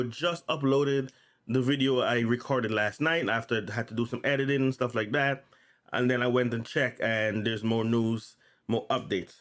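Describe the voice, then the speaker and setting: Stuttering man vlogging. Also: medium pitch. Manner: stutters, repeats and restarts words. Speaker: channel host. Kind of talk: casual vlog, reading news notes aloud.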